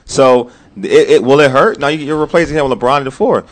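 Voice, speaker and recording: A man hosting a casual sports talk show, animated, repeating himself and dropping into low muttered asides. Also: fast.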